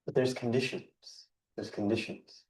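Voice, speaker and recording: Man, mosque speaker, earnest explainer with a mellow tone, recorded roomy and from a distance. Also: mid-range voice, steady tone, measured pace. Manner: earnest, explains word by word with emphasis. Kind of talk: religious talk. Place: mosque hall. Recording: echoey hall, mic heard from a distance.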